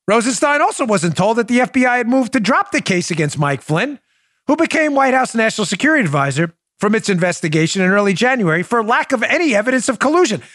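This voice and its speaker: A man's voice: very high voice, fast talker, no echo, clean studio sound. A man hosting a political talk show, mocking his targets with sarcasm and acted-out scenes. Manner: sarcastic, animated, acts out scenes.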